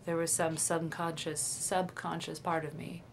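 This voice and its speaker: A young woman with a lowish voice shares her feelings in a confessional video diary. She speaks in a dreamy, confiding way, trailing off and restarting her sentences. A faint hiss sits under the recording. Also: little pitch movement, a little slow, vocal fry. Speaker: vlogger.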